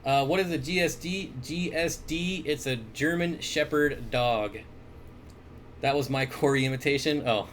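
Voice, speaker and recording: An aquarium store owner hosts a casual livestream from his fish room or store, reading viewer comments aloud and answering aquarium questions with a relaxed chuckle and lots of fillers. His voice is on the high side, and his desk mic picks up a little hiss or hum.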